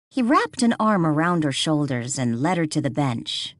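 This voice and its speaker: A woman narrating an audiobook with expressive storytelling. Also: sits low, moderate pace, hardly any pauses, no room sound, clean studio sound. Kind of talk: scripted narration.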